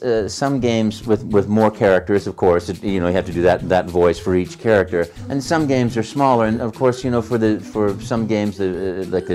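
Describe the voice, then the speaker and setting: A man, a voice actor, telling stories in an interview, animated and acting out the dialogue. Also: low voice. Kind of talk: interview anecdote.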